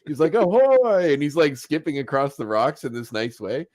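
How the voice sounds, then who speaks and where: A man hosting a casual podcast, recapping an animated episode as an animated storyteller who acts out quotes and chuckles as he goes. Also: mid-range voice, fairly quick, dry recording. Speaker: podcast host.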